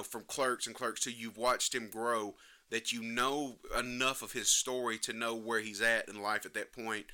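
A man's voice: medium pitch, pushed and bright, clear, resonant tone. A man giving a casual, passionate film review, emotional and emphatic, rambling through scenes and swearing now and then.

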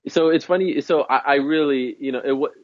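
A man's voice: a little high, brisk, dry recording, muffled recording. A man guesting on a podcast, chatting casually and emphatically about his own show. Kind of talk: casual interview chat.

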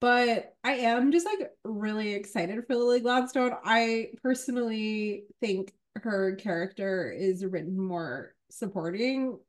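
A woman at a middling pitch chatting on a film discussion panel. She rambles easily, with playful asides and plenty of "um" and "like". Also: lively intonation, a little slow, hardly any pauses. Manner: chatty, with joking asides and many fillers. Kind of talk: casual panel chat.

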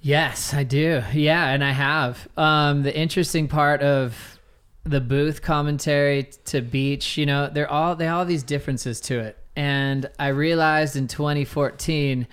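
A man with a smooth, clear voice and a slightly high pitch talks through stories from his career. He keeps it casual, with plenty of "you know" and "like" and a ready laugh. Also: unhurried. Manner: relaxed, laughs often, many fillers. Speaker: guest, surf commentator. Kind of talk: casual interview storytelling.

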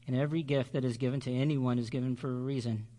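A man doing a gentle, wise old wolf. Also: medium pitch, steady tone, close to an everyday voice. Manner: slow, gentle, deliberate. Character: great silver male wolf, gentle and wise.

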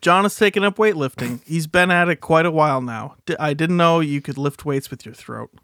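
A man voicing Garfield, a lazy, sardonic male cartoon cat, in a deadpan reading. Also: fairly high pitch, brisk.

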